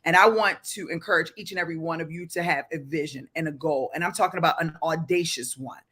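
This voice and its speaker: Talking fast, this livestream host with a Baltimore accent uses a high, bright, forceful voice for motivational preaching. His fervor spills into shouts, and he reads viewer comments aloud along the way.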